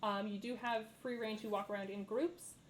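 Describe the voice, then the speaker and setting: A woman's voice: mid-range voice, steady tone, moderate pace, slight background noise, rough recording. A young woman narrating as dungeon master in a casual way, full of fillers and easy laughs. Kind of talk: narrating a tabletop game.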